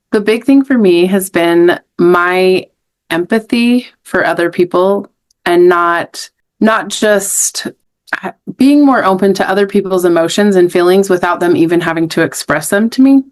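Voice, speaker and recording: Woman guest, lowish voice, reflective and halting. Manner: thoughtful, halting, restarts mid-thought. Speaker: podcast guest. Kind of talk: reflective conversation.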